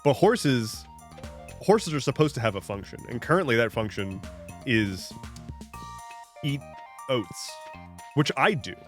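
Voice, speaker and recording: A man's voice: mid-range voice, expressive, unhurried, pauses often, fairly bright tone, faint music behind. Rambling jokey male game streamer. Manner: rambling, jokey, talks to chat; frequent restarts and swearing. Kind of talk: casual live-stream chat while gaming.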